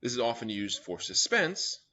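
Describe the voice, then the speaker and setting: A man's voice: medium pitch, sing-song, moderate pace, bright, forceful tone. A man teaching a young writers' workshop, explaining step by step and often checking in with "all right?". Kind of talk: classroom lecture. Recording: dull lo-fi recording.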